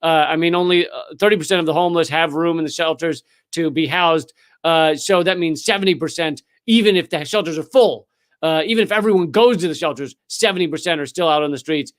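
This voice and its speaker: A man's voice: fairly high pitch, brisk. A man hosting a livestream, ranting with sarcastic, profane commentary and frequent fillers. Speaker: livestream host.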